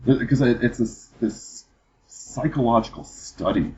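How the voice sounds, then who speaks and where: A man's voice: mid-range voice, unhurried, a little mellow, a little hiss or hum. A man hosting a casual political chat, rambling and restarting his sentences with repeated words. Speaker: podcast host. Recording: dull lo-fi podcast audio.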